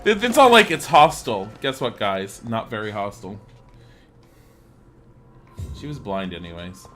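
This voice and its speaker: Bright-voiced man streaming a game. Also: on the low side, normal speed, faint music behind. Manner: rambling, laughing, swearing, excitable. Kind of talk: casual live-stream chat over gameplay.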